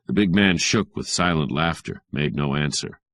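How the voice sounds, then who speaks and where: Male audiobook narrator, very low voice, measured and even delivery. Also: no echo. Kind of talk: audiobook reading of hardboiled fiction.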